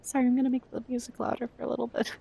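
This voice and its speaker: A woman streamer chatting casually with her viewers, soft-spoken and emotional, with frequent swearing. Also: a little high, completely flat delivery, very fast, creaky, breathy edge. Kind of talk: casual live-stream chat.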